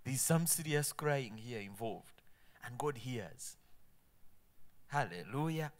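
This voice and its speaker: A man preaching a sermon, quoting scripture emphatically and dropping to soft asides. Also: medium pitch, animated, slow, long pauses. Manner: emphatic, swinging between loud proclamation and soft asides.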